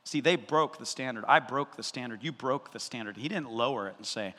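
A male pastor preaching a sermon in an animated, conversational way, acting out voices and adding asides. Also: mid-range voice, normal speed, in a large hall.

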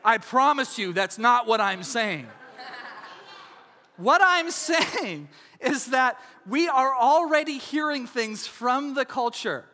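A man preaching a sermon as pastor, in a lively, conversational way, often asking the congregation whether they follow. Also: extremely high pitch, slow, big-room sound. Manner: animated, conversational, asks audience questions.

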